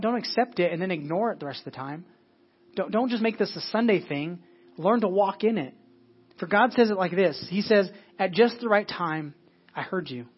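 Guy preaching in church, breathy kinda raspy, stumbles n repeats himself. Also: on the high side. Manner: preachy, repeats words and restarts often. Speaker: pastor. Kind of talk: sermon. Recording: dull lo-fi sermon audio.

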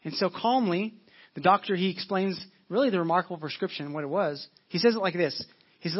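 A man preaching a sermon as pastor, earnest, repeating phrases for emphasis and slowing down when reading scripture. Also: sits high, slightly rough, highs cut off.

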